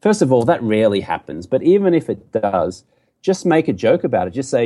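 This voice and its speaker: An Australian man chats as a podcast guest, upbeat and emphatic, quick with a joke. His voice is mellow and warm rather than bright, sitting in an ordinary middle pitch. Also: sing-song. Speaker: guest, sobriety coach. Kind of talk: casual podcast conversation.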